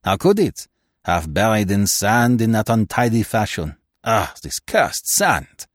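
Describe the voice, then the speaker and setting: A man's voice: mid-range voice, very animated, measured pace, no echo, clean studio sound. A man doing a fussy old detective, Hercule Poirot. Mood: peevish. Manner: precise, complaining, formal phrasing. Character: fussy, fastidious older male Belgian detective.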